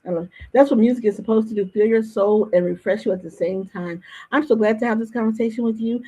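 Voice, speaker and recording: A woman's voice: a little high, fast, warm tone, breathy edge. A middle-aged woman hosting an interview, chatting casually and telling stories with frequent restarts. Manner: talkative, with frequent restarts and storytelling. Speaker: host. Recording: dull lo-fi stream audio.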